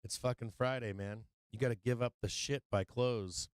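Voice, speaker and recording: A man's voice: mid-range voice, normal speed, no echo. A man hosting a live stock-trading stream, brash and profane, swinging between muttering and fired-up outbursts while he explains his trades. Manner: profane, brash, excitable trash talk. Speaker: livestream trading host. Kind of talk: live market commentary.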